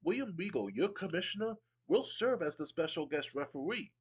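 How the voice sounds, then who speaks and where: A man's voice: on the high side, expressive, moderate pace, husky, pitched above the performer's own voice. A man voicing a smug, pompous male wrestling commissioner who talks down to the crowd in a haughty, lofty manner. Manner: haughty, lofty, condescending speech.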